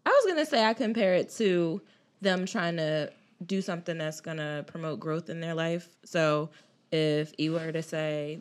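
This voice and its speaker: Woman, low register, measured and reasoned in a casual panel chat.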